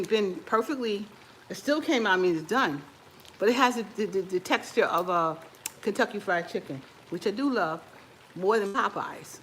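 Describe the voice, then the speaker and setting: A woman's voice: medium pitch, a bit bright, slight background noise. A woman chatting casually to her viewers in her home kitchen while tasting food, talking with her mouth full and laughing often. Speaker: cooking vlogger.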